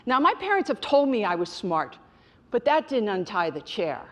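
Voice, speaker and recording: A woman's voice: mid-range voice, very animated, normal speed, fairly bright tone. A middle-aged woman giving a direct, emphatic motivational talk on mindfulness to an audience she calls you guys. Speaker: mindfulness speaker.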